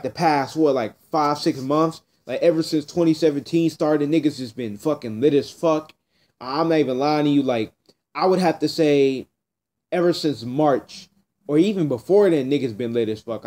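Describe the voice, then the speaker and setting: A teenage boy tells a story straight to camera, rambling and blunt, often circling back to the same point. His voice sits a little high and sounds warm and mellow. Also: moderate pace. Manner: blunt, rambling, repeats himself. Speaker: vlogger. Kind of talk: casual storytelling rant.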